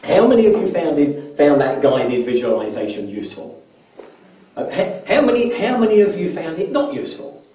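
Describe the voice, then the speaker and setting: A man leads a motivational seminar, quizzing the crowd and often doubling his first words. His mellow voice is picked up from well back in a large convention hall that rings with echo. The delivery is a live seminar talk. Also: a little high, sing-song, normal speed. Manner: polls the audience with questions, often repeats words when starting a phrase. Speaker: business mentor giving a training seminar. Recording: echoey hall, voice from far off.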